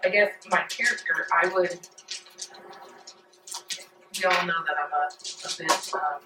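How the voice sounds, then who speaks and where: A young man taking part as a player, speaking hesitantly with halting restarts. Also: sits high, sharp tone. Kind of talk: casual tabletop play. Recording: echoey room, far from mic.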